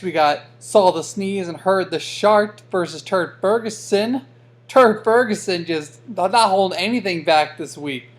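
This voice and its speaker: A fantasy league commissioner runs through the week's matchups in a loose, joking way. The delivery is full of uh's and um's and friendly trash talk. The voice sits at a middle pitch. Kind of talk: casual weekly league recap.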